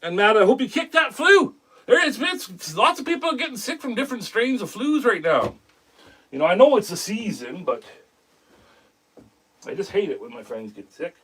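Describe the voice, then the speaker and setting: Man, high-pitched voice, casual rambling live-stream host, friendly chat with viewers. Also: very animated, normal speed, a bit bright, husky. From Canada.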